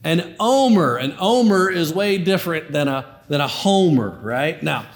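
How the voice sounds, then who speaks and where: A man's voice: on the high side, expressive, a little slow. A man preaching a sermon in a playful, conversational way, often repeating words as he builds a point. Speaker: pastor.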